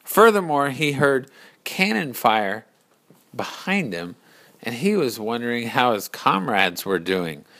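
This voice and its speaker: A man telling a story slowly and deliberately, pausing to explain its lessons. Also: medium pitch, very animated, fairly bright tone. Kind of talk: storytelling narration.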